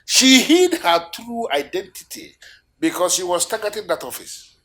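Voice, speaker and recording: An actor playing a furious scheming politician in a film, speaking with a Nigerian accent, loud and agitated. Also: male voice, high voice, big pitch swings, normal speed. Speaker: kingdom politician. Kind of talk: film acting.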